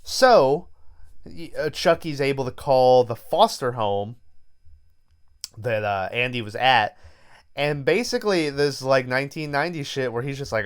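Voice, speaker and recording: A man's voice: medium pitch, a little slow, clear, resonant tone. A man hosting a podcast, lying on his bed at home as he retells a movie's plot in a loose, profane, casual way. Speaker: podcast host.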